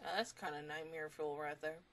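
A woman's voice: low voice, little pitch movement, fairly quick, a bit bright. A young adult woman giving casual anime reaction commentary, talking affectionately to the characters on screen.

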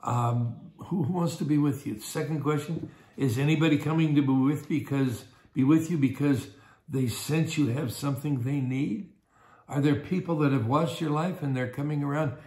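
An older man leads a Bible study as pastor in a fairly high voice, chatting through his points and often repeating words. He acts out little everyday scenes as he teaches. The room around him is echoey. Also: moderate pace, a little mellow.

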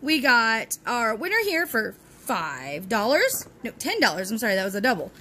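A Texan woman hosts a scratch-off lottery channel from home, dogs nearby, chatting cheerfully with viewers and chanting encouragement as she scratches tickets. Her voice is fairly high and sharp, with huge pitch swings at a moderate pace.

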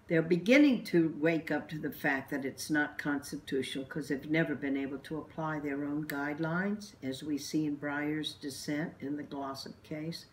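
A woman's voice: sits low, normal speed, few pauses, recorded from a distance, slight background noise. A woman who is a religious sister and activist, giving an earnest, emphatic recorded message of encouragement to protesters. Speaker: religious sister and anti-death-penalty activist.

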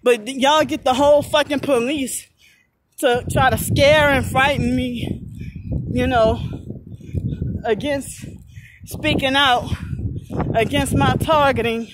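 Breathless woman venting and cussing, drags her words out slow, noisy street sound. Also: sits high, fairly even intonation. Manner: angry, swearing, repeats filler words. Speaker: vlogger. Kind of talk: frustrated personal rant. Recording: clear background noise.

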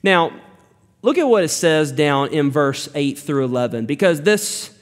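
High-voiced man preaching in a reverberant hall. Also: lively intonation, a little slow. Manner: earnest expository preaching, rising to emphatic rebukes. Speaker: pastor. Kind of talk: sermon. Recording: long reverb of a church hall.

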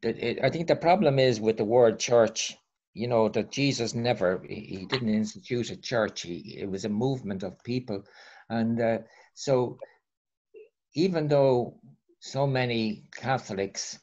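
A man speaking on a panel, halting with many restarts and repeated words. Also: mid-range voice, a little mellow. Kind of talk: discussion on an online call. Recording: muffled call audio.

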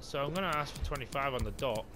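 A young man commentating his football game, swearing and shouting in frustration. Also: mid-range voice, fast. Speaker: gaming YouTuber. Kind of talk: raging gameplay commentary.

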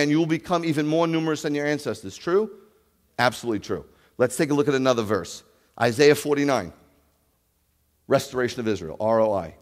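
A man preaching a sermon as a rabbi, animated, with rhetorical questions and loud scripture reading. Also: medium pitch, quick pace, long reverb tail. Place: congregation sanctuary.

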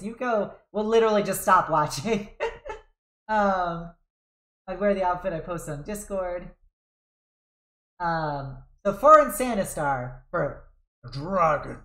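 A woman streaming a game live, chatting with viewers and reacting loudly to the action. She giggles often and swears when under fire. Her mid-pitched voice rings in an echoey room. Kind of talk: live gameplay commentary. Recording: roomy echo.

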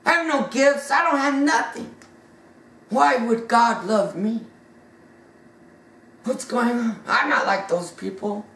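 Lady doing a desperate poor widow, pleading, kinda high, echoey far-off room. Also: a bit bright, full character voice. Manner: pleading, despairing, a bit raised. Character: poor starving widow woman, hopeless.

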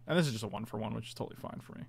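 A man's voice: on the low side, racing, gravelly, breathy edge, no echo. A man casually commentating his own online card game, chatty and self-mocking, groaning at his bad draws.

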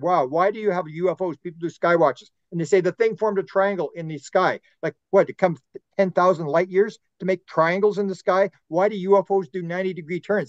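A man talking as a podcast guest, rambling and animated as he tells stories and acts out quotes. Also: high voice, dry recording, highs cut off. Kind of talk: podcast conversation.

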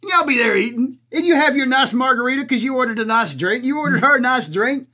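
A man's voice: very high-pitched, expressive, fast talker, bright, forceful tone, exaggerated voice. A man playing a crude, blunt commentator with a drawl, laughing at his own jokes in an improvised comedy bit. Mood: crude storytelling. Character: crude rural Southern man, blunt, loud-mouthed. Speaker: comic commentator persona.

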